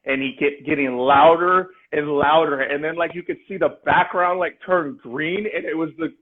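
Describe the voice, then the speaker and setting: A man co-hosting a casual chat, excitable and slangy, swearing often. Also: a little high, normal speed. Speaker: podcast co-host. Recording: tinny phone-like sound.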